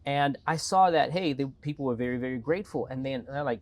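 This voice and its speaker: Animated South African man, interview guest. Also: medium pitch, quick pace, hardly any pauses. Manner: animated storytelling with lively acted quotes. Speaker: mayoral candidate guest. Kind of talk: casual interview talk.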